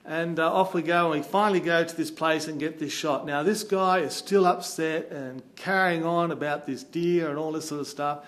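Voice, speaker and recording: A man from Australia with an Australian accent, telling a travel story in a chatty, animated way. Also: on the high side, normal speed, hardly any pauses. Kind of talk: casual anecdote.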